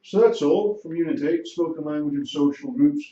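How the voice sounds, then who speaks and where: Male lecturer summing up a unit, mellow voice, talks in short measured chunks. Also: on the high side. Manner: measured, broken into short phrases. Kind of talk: recorded lesson summary. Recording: roomy, distant, dull sound.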